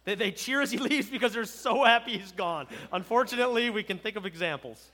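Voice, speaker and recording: A man who is a pastor, preaching a farewell sermon with emphasis, moving from loud declarations to hushed words and often checking in with "right?". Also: high-pitched, fast talker. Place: church sanctuary. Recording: long reverb of a large hall.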